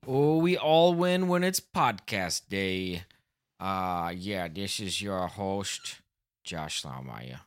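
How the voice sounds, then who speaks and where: A man's voice: deep voice, animated, takes it slowly, smooth. A man hosting a casual video game podcast, talking in a loose, joking way with lots of filler words. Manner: rambling and jokey, with filler words. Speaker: podcast host.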